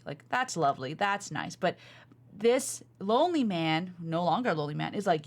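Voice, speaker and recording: A woman co-hosting a casual podcast, chatting in an animated way with lots of fillers. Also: fairly low pitch, moderate pace. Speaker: podcast co-host. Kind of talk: casual chat.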